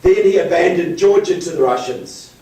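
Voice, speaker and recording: A man's voice: high-pitched, lively intonation, normal speed, mellow. New Zealand man rallying a meeting room. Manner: joking, rallying, often says "folks". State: has a cold. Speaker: guest speaker. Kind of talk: political speech to a meeting. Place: county board meeting room. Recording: echoey room, mic from far.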